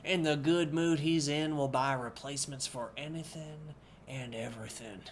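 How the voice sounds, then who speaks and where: A man's voice: a little high, fairly even intonation, normal speed, a little hiss or hum, close to an everyday voice. A man voicing a generous, jovial male cook at a wedding feast, hearty and boisterous.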